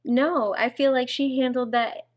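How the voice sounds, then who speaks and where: A woman co-hosting a podcast in casual chat, wry and joking, filling her talk with "like" and quick agreement. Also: high voice, steady tone. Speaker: podcast co-host.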